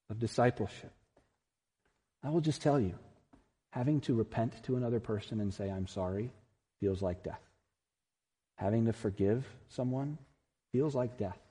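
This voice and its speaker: A male pastor delivers an earnest, emphatic sermon that climbs to strong peaks. His voice is mellow and slightly husky at a mid pitch. A long reverb from a large hall follows each phrase.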